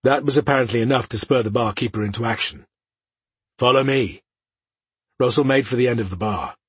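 A male audiobook narrator with a very husky, breathy voice at a middle pitch. He reads fantasy prose in a steady, measured way, and the recording is dry and close. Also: no room sound.

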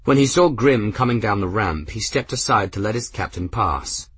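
Low, husky male audiobook narrator. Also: expressive, normal speed, a bit bright, no echo. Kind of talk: scripted narration.

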